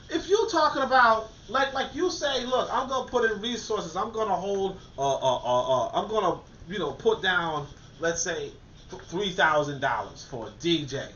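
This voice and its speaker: A man's voice: high-pitched, lively intonation, normal speed, a bit bright, slight background noise. A man hosting a podcast in casual motivational talk, emphatic and repetitive, full of fillers and restarts. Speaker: podcast host. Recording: dull lo-fi recording.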